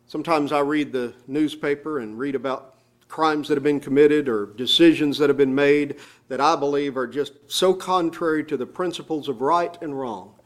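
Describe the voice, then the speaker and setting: A man preaching a sermon in church, emphatic, drawing out key phrases slowly. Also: fairly high pitch. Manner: emphatic, slows down on scripture phrases.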